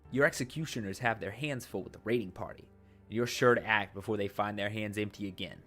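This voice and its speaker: A man's voice: fairly low pitch, quick pace, bright, forceful tone, faint music behind. A man reading a text adventure game aloud in a put-on accent, breaking into casual asides to his viewers. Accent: put-on accent while narrating. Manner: dramatic narration broken by casual asides.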